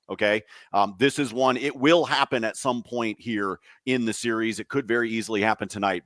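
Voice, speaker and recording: A man's voice: lowish voice, a bit bright, dry recording. A man co-hosting a sports betting podcast, laying out stats in a matter-of-fact way and talking to the folks listening. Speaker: podcast co-host. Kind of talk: casual sports betting talk.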